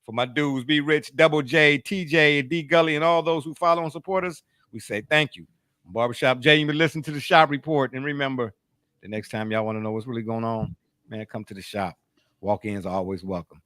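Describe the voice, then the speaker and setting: A man's voice: medium pitch, a little fast, sharp tone, no echo, clean studio sound. A middle-aged man hosting a casual sports talk show, teasing his co-hosts playfully. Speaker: show host. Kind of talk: casual sports chat sign-off.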